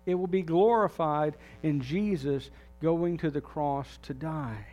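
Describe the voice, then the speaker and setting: Slightly high-voiced man preaching earnestly. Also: slow pace, warm tone, highs cut off, soft background music. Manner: earnest, direct questions to the congregation. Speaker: pastor. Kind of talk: sermon.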